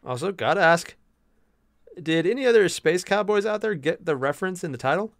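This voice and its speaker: A young man chatting with his live-stream viewers as he paints miniatures, joking freely. His voice sits a bit high and swings around a lot, and the sound is close and dry. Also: brisk, no echo. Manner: animated, jokey, chatty with viewers. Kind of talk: casual live-stream chat.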